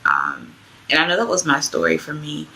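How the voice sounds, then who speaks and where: A young woman tells her own story in a casual, rambling way. Her voice sits low and carries a gravelly fry. It also has a bright, forward edge. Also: wildly swooping pitch, moderate pace. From Georgia, US. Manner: chatty, loose, many "like" fillers. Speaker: vlogger sharing her testimony.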